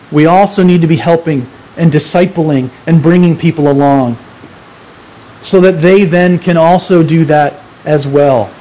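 A man's voice: on the high side, dark tone. A man preaching a sermon, teaching earnestly and stressing key phrases through repetition. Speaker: pastor.

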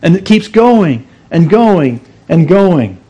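In a slow, sing-song way, a pastor with a notably high, warm voice and a breathy edge delivers a sermon. He teaches earnestly and emphatically, repeating key phrases for emphasis.

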